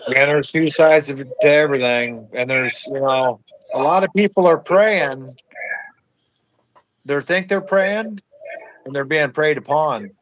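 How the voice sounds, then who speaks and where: A man's voice: a little high, unhurried, a bit bright, poor audio. A man from Iowa hosting a casual podcast chat, blunt and crude while agreeing readily with his co-host. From Iowa, USA.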